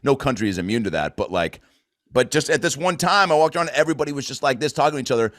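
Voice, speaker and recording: A man's voice: medium pitch, lively intonation, very fast, a bit bright, dry recording, studio quality. An American man hosting a podcast, chatting casually in a rambling, loose way with plenty of swearing. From United States. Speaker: podcast host. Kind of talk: casual chat.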